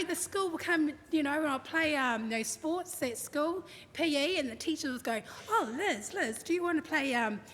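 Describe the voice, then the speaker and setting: A woman's voice: sits high, a bit bright. A woman gives a family tribute at a service. She tells stories in a chatty way, with many ums and you-knows. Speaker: daughter giving a family tribute. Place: church hall. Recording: reverberant hall, faint background noise.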